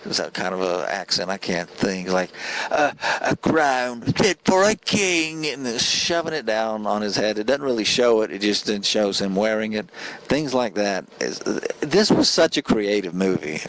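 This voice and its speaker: A man's voice: on the low side, lively intonation, normal speed, slight background noise, poor audio. A man giving a casual spoken film review, earnest and rambling, often stumbling and restarting his sentences.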